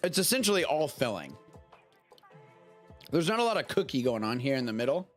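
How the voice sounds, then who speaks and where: A man's voice: mid-range voice, very animated, fairly quick, faint music behind. Rambling man hosting a casual show. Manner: loose and rambling, swears casually. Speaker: show host. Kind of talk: casual chat, tasting food. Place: home studio during a live stream.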